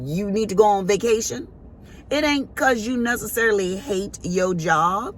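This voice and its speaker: A middle-aged woman talks casually to her viewers, her pitch swinging widely as she tells stories. She jumps into loud, exclaimed quotes of herself scolding her grown children. A faint hiss of noise sits behind her voice. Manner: animated storytelling with sharp exclaimed quotes. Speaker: vlogger. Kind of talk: casual chat to camera.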